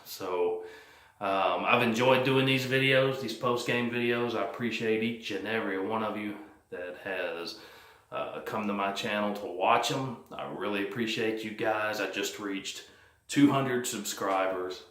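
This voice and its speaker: Low-voiced man rambling about football. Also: unhurried, a bit bright, reverberant. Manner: rambling, plain-spoken, many fillers and restarts. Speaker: sports fan vlogger. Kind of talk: casual post-game commentary. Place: cold house, indoors.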